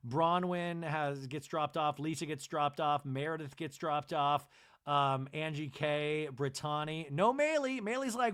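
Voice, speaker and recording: Guy from jersey riffing on a reality show, pretty high voice, rambly and sarcastic. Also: a little slow, fairly bright tone, smooth. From New Jersey. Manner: rambling, sarcastic, full of asides. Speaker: podcast host. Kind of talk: comedic TV episode recap.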